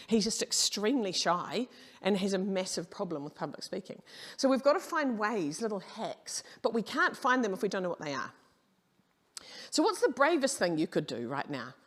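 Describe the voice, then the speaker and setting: A middle-aged woman, giving a conference presentation in an animated, frank storytelling manner with quoted dialogue. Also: mid-range voice. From New Zealand. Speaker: keynote speaker.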